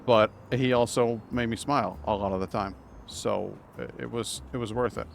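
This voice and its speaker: A man's voice: mid-range voice, steady tone, normal speed, vocal fry, slight background noise. A man streaming a game live, chatting casually and telling stories with frequent restarts. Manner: rambling, warm storytelling with frequent restarts.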